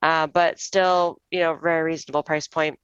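A woman's voice: low-pitched, little pitch movement, normal speed, a bit bright, clean tone, dry recording, dull audio. A young woman co-hosting a podcast, chatting casually and recommending a wine with lots of fillers. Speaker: podcast co-host.

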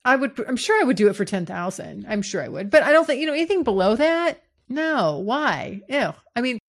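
A woman hosting a podcast alone, telling a dating story in a frank, profane, animated way. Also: on the high side, fairly quick. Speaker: podcast host. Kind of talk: candid solo podcast storytelling.

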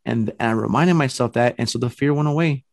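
A man's voice: medium pitch, quick pace, no room sound. A man casually telling a story from his own paranormal investigation, acting out the sounds and quoting himself. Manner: animated, acts out sounds and quotes himself, swears casually.

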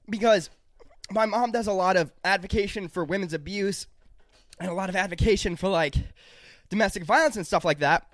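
A young man co-hosting a casual podcast, loud and swearing with laughter. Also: sits high, normal speed, long pauses, no echo, studio quality. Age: young adult. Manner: loud, swearing, laughing while eating hot sauce. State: gasping from spicy food. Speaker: podcast co-host. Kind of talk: casual chat.

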